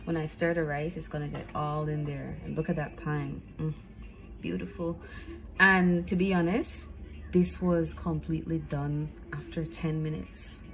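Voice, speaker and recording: A woman's voice: low-pitched, fairly even intonation, unhurried, music in the background, poor audio. A woman talking viewers through a recipe in her home kitchen, casual and chatty, with approving hums as she goes. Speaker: home cook and vlogger. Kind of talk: casual cooking demonstration.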